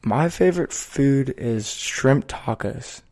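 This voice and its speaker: A man talks slowly and earnestly as a podcast host, his voice carrying a gravelly fry. He takes his time and weighs each phrase, with a voice neither high nor low. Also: lively intonation, darkish tone. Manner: slow, measured, earnest storytelling. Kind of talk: reflective podcast conversation.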